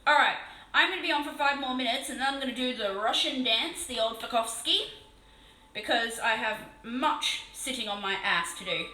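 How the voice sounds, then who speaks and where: An Australian woman chatting casually on a live stream while painting a model, excitable and swearing freely. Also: on the high side, normal speed, echoey room, slight background noise, rough recording.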